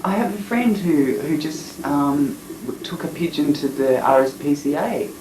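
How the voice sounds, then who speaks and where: A woman's voice: sits low, a little slow, warm tone, reverberant, distant mic, slight background noise, voice pushed up, low-quality recording. A man voicing a cheerful young woman he once knew, in a chirpy, breezy way.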